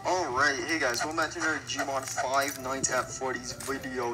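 A man's voice: medium pitch, little pitch movement, moderate pace, rough recording. A young man hosting a casual gaming video, rambling and joking with lots of fillers. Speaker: gaming YouTuber. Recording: background music.

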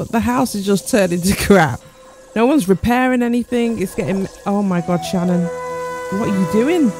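Brief: woman, gaming channel host, chatty and amused, faint music under her. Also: lowish voice. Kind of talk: gameplay commentary.

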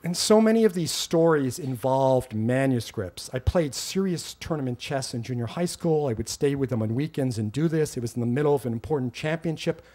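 A man's voice: medium pitch, animated, fairly quick, hardly any pauses, darkish tone. A middle-aged man telling a personal story on stage, wry and self-mocking, getting heated as he retells old arguments.

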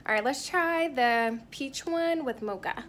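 Unhurried and a bit bright, her high voice comes with a little hiss or hum. She's a travel vlogger, not from Hawaii, chatting candidly to the camera and tasting food between comments, tired and irritated, whether indoors at the hotel or out and about.

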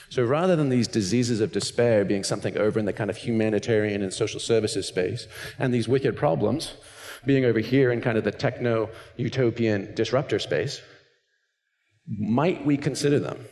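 A man giving a lecture in a measured, deliberate way. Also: on the low side, darkish tone, long reverb tail.

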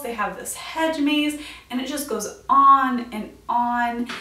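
A woman's voice: fairly high pitch, fairly bright tone, distant mic. A young woman vlogger casually and enthusiastically telling a travel story, with a chatty manner and frequent "like.". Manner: chatty, enthusiastic, uses filler "like". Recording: roomy echo, a bit off-mic.

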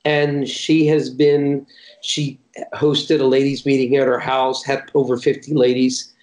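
A man's voice: medium pitch, level tone, unhurried, darkish tone. A middle-aged man from Tennessee, a missionary telling stories in a folksy, chatty interview manner and often restarting his phrases. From Chattanooga, Tennessee, USA. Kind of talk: casual interview storytelling. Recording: roomy echo.

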